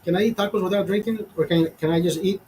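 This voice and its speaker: A man's voice: high-pitched, fast talker, darkish tone, a little hiss or hum, low-quality recording. Profane fifty-year-old man ranting. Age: 50s. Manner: profane, exasperated, rambling. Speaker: show host. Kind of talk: casual storytelling rant. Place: small studio.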